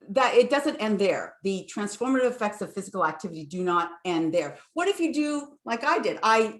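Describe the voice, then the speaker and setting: A woman's voice: medium pitch, fairly bright tone, reverberant. A woman neuroscientist giving an enthusiastic online lecture, with fillers and restarts, speaking into a computer microphone.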